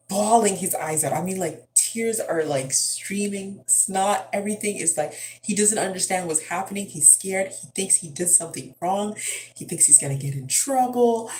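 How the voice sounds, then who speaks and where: Low-voiced mom telling a story. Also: female voice, darkish tone, slight background noise, poor audio. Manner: chatty, rambling, lots of fillers and asides. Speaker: mother. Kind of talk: casual storytelling vlog.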